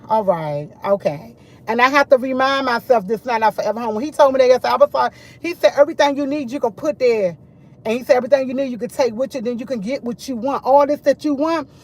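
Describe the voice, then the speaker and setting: A middle-aged woman chatting casually to camera, full of animated retellings of what others said. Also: a little high. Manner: animated, quotes others a lot. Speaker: vlogger.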